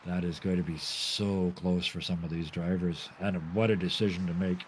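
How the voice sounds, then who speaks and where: A man's voice: deep voice, fairly even intonation, moderate pace, slight background noise, rough recording. A man from Canada commentating a sim race live, chatty and laughing often.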